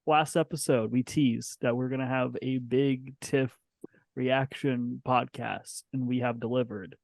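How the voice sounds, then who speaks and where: A man's voice: mid-range voice, fairly even intonation, unhurried, vocal fry, a little mellow, no echo. A man hosting a casual podcast with a group of guests, laid-back, with frequent ums. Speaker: podcast host.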